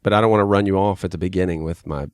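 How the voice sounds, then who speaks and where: A man's voice: low voice, fairly even intonation, very fast, no room sound, clean studio sound. A man with an American accent hosting a podcast interview, chatty and self-deprecating, with many fillers and restarts. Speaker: podcast host, youth pastor.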